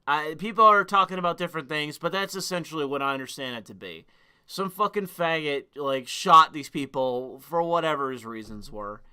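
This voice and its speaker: A crude, rambling young man commenting on a live stream, prone to sudden excited outbursts. His voice sits high for a man and sounds very bright and smooth.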